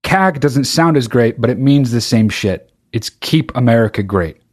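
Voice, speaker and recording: A man hosting his own podcast in a loose comic rant. He swears freely, rambles and cuts himself off mid-thought. His voice sits in a middle pitch. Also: lively intonation, normal speed. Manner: profane, rambling, self-interrupting. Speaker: podcast host. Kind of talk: casual comedic monologue.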